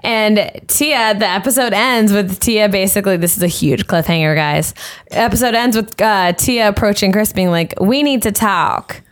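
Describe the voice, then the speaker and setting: A woman's voice: medium pitch, normal speed. Chatty woman podcast co-host recapping gossip. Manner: recaps with many fillers, then reads the sign-off. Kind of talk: casual gossip chat.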